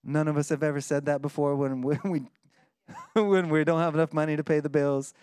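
A high, clear male voice preaching a sermon with easy, conversational warmth. He slips into hushed, earnest tones for the scripture lines. The sound is close and dry. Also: little pitch movement, a little fast, no echo. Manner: conversational, dips quiet and intense when reading scripture; playful mock voices in asides. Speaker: pastor.

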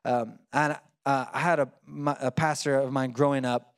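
A man's voice: mid-range voice, level tone, moderate pace, smooth, no room sound. Man, pastor, conversational sermon, dry close sound. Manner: conversational preaching with fillers and restarts.

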